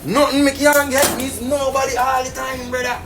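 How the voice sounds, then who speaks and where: A man's voice: extremely high pitch, flat delivery, normal speed, music in the background. A man with a Jamaican patois accent, ranting casually and indignantly on a live stream, rambling and repeating fillers. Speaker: businessman telling his side.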